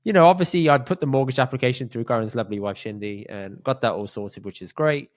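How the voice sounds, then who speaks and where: A man's voice: mid-range voice, quick pace, no echo, clean studio sound. A man co-hosting a podcast, telling self-mocking stories in casual chat and laughing often. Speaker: podcast co-host.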